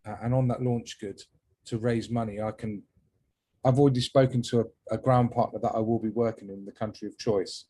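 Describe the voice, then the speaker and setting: A man's voice: lowish voice, steady tone, fairly quick, mellow, breathy edge. A man on a webinar video call, friendly and informal, asking a question. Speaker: webinar participant.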